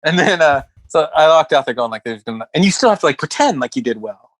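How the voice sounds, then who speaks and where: A man's voice: a little high, lively intonation, quick pace, no echo, poor audio. A man who is a comedian, telling rambling stories in a casual podcast chat and acting out quotes. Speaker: comedian guest. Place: West Hollywood.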